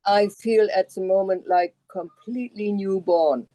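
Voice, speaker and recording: A woman joins a live show over a video call and chats casually. Her voice is mellow and her phrasing halting. The sound is dry and close, with no room echo. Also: medium pitch, steady tone. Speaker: viewer calling in.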